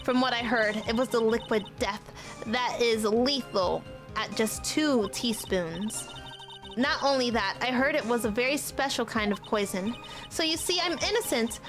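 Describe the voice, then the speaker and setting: A woman's voice: a little high, a little slow, over music, natural voice. A woman reading a demure young witness. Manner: demure, innocent-sounding.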